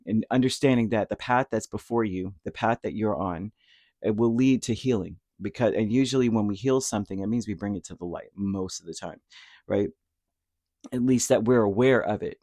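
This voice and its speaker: Guy doing a tarot reading, kinda low voice, rambly and chatty, dry close mic. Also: a little mellow, dry recording. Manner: rambling, conversational, frequent fillers and asides. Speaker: tarot reader. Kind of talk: casual tarot reading monologue.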